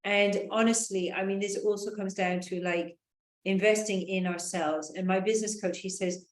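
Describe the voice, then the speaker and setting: A woman's voice: steady tone, moderate pace. A woman talking casually, rambling, with frequent fillers, and acting out the voices she quotes. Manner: rambling, full of "you know" and "like" fillers; acts out quoted voices with raised pitch. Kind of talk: casual conversational talk. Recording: echoey room.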